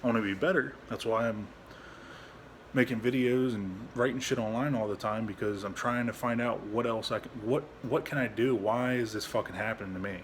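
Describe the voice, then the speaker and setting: A young adult man, a veteran, talking candidly at home into his phone, frustrated and halting, swearing a lot and restarting his sentences. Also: medium pitch, a little hiss or hum. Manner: frustrated, rambling, heavy swearing. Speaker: veteran vlogger. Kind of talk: candid personal vlog.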